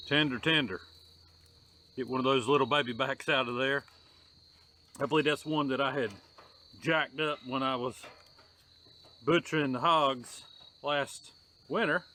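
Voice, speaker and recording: A man's voice: mid-range voice, steady tone, measured pace, pauses often, pushed and bright, a little hiss or hum. A man hosting a casual outdoor cooking vlog, talking in a folksy, drawling way and saying y'all a lot. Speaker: homestead vlogger. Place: outdoors on a rural homestead.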